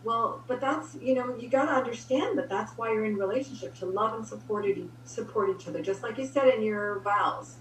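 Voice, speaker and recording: A woman guest giving relationship advice in an energetic way, acting out example dialogue. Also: fairly high pitch, brisk, hardly any pauses. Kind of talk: casual conversation. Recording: roomy, distant mic with faint hum.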